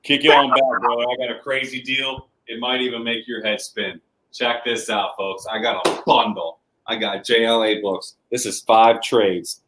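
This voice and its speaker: A man of middle pitch co-hosts a live comic sales show. He walks through bundles in an easygoing way and keeps addressing viewers as folks. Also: steady tone, normal speed, bright, forceful tone, a little hiss or hum, poor audio. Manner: easygoing, lists deals and repeats "folks".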